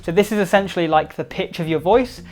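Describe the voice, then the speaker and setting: A man giving upbeat instructional tips to camera, emphatic and varying his loudness to stress points. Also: sits high, quick pace. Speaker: presentation skills vlogger.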